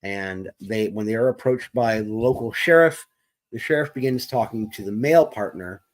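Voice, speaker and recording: A man's voice: on the low side, moderate pace. A man co-hosting a gaming podcast, ranting heatedly and profanely in wordy, formal language. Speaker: podcast co-host. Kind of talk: opinionated gaming discussion.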